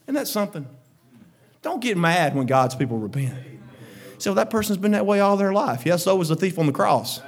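Fervent high-voiced man preaching a sermon. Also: big pitch swings, brisk. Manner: fervent, swings to shouting bursts then quieter asides, chuckles often.

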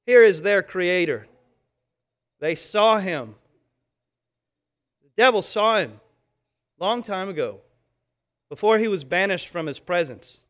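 A man preaching a sermon, emphatic and animated, acting out little scenes as he teaches. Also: high voice.

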